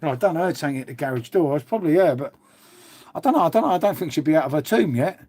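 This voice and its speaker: A man hosting a live stream, chatty and blunt with plenty of swearing. His voice sits a touch high for a man and sounds close and dry, with no room around it. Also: lively intonation, fast talker, darkish tone, slightly rough, dry recording. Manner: chatty, swears, repeats "mate". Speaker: livestream host. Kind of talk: casual live chat with viewers.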